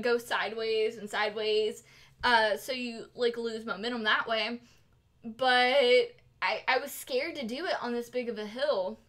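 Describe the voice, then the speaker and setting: Bright, high-voiced young woman streamer. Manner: animated, giggly, lots of "like". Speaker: cosplay streamer. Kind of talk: casual storytelling while crafting on stream.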